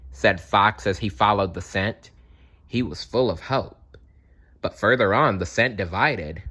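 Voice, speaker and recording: A man reading a children's animal storybook aloud in a slow, expressive way. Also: on the low side, breathy edge.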